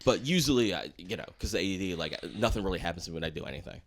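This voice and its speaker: A male stand-up comedian from Washington, D.C., chatting as a podcast guest. He tells his stories in a loose, slangy way and swears constantly. His pitch jumps up and down a great deal as he talks. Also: rapid-fire. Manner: animated, swears a lot, slangy. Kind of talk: casual storytelling chat.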